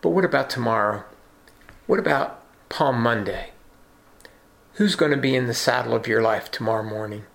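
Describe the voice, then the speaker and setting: A man's voice: mid-range voice, normal speed, gravelly, long pauses, a bit bright. A man preaching a sermon in an earnest, emphatic way, asking rhetorical questions. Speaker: pastor.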